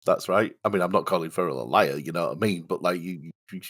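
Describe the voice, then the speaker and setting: Low husky man chatting. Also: rapid-fire, fairly bright tone. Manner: laughing, rambling, quizzing the others. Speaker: podcast co-host. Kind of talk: casual chat.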